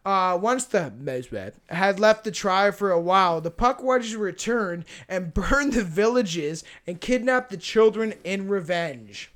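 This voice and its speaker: A man's voice: sits high, animated, a little slow, hardly any pauses, fairly bright tone. A young man co-hosting a podcast, rambling and swearing in casual chat, laughing often. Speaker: podcast co-host.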